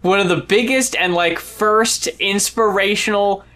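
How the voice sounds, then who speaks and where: A man's voice: high voice, unhurried, sharp tone. A man co-hosting a casual album review podcast, explaining the background and stumbling over his words. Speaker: podcast co-host.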